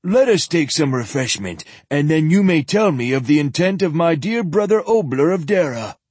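A man's voice: sing-song, moderate pace, a little mellow, breathy edge, dry recording. A man voicing a sly, lisping elderly male zealot priest in a storybook reading. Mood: unctuous. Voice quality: lisping, high and unctuous.

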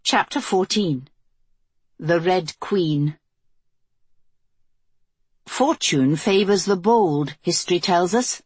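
Husky, low-voiced woman narrating an audiobook. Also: animated, slow pace, long pauses, no echo. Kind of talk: scripted narration.

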